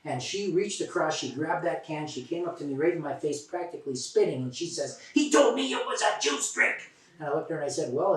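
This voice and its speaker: A man giving a prevention talk, telling animated stories and acting out the people in them, sometimes bursting out loud when heated. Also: mid-range voice. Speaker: substance use prevention presenter. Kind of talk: storytelling lecture to a room. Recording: very echoey room, voice from far off the mic.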